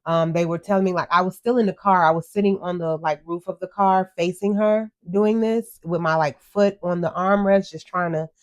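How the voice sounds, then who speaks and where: This middle-aged woman's low voice keeps a steady tone at normal speed, barely pausing, and the audio sounds dull. As a podcast co-host she earnestly retells a crash through near-tears, quoting what she said.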